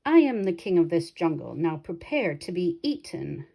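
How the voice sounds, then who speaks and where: A woman's voice: fairly low pitch, very animated, normal speed, creaky, warm tone, exaggerated voice. A woman voicing a pompous, bossy male lion king who talks in a grand, commanding way.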